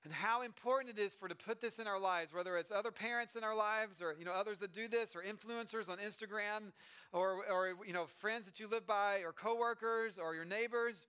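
A middle-aged pastor giving a chatty sermon, with asides and restarts. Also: male voice, high-pitched, fairly quick, sharp tone, clean tone. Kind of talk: conversational sermon.

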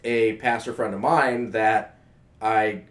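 A man's voice: on the low side, fairly even intonation, slow. Rambling man chatting sports. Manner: rambling, filler-heavy, enthusiastic fan. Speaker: podcast co-host. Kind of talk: casual sports chat.

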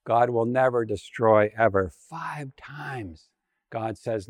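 A man's voice: medium pitch, slow pace, in a large hall. A man preaching a sermon, telling scripture stories with playful asides. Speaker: pastor.

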